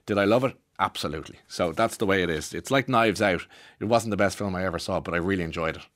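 A rambling Irish man hosting a radio slot, his voice sitting low. He chats casually and restarts his sentences often. The sound is close and dry, like a studio mic. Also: quick pace, a bit bright, no room sound. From Ireland. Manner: chatty, rambling, with many restarts and asides. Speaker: radio presenter. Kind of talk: casual monologue.

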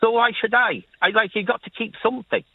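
A man's voice: sits high, quick pace, dry recording. Older caller, man in his sixties, Leeds-flavored Irish accent, chatty and repetitive, tinny phone sound with a dry feel. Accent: Leeds-tinged Irish. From Ireland. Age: 60s. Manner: chatty, rambling, repeats himself. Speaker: caller, taxi driver. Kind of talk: phone-in radio chat.

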